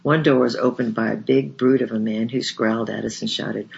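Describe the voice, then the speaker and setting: A man reading a memoir aloud in a measured, earnest way, in a slightly dull lo-fi recording. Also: medium pitch, fairly even intonation, creaky, breathy edge. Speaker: audiobook narrator.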